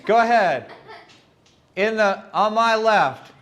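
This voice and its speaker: A high-voiced man tells a story live before a young crowd. His pitch swoops and leaps all over the place, and he keeps playfully stopping to speak with his listeners. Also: takes it slowly. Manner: animated and playful, talks to the crowd. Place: live event before an audience.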